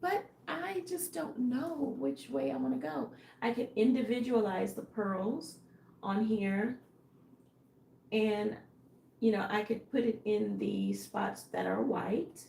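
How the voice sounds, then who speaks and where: A woman, a fashion designer, musing aloud in a casual live stream with a tired, fading voice, halting and unsure of her next step. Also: medium pitch, lively intonation, warm tone. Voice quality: gravelly. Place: home workroom. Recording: echoey room.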